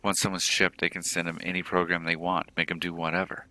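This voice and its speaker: A man's voice: deep voice, little pitch movement, fast talker, bright, forceful tone. A man reading aloud the lines of a frightened mother in a cyberpunk video game, in his own plain voice. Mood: wary. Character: frightened middle-aged mother in a cyberpunk slum.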